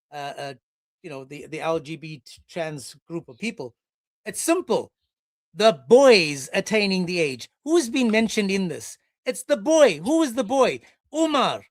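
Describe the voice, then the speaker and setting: A man's voice: high-pitched, dry recording, studio quality. A man hosting a heated debate, brusque and insistent, repeating his questions over and over. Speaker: host.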